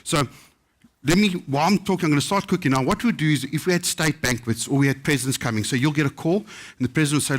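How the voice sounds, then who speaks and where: A middle-aged man, a chef, telling anecdotes in a casual, lively storytelling way at a book festival and acting out the quotes. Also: on the high side, fast.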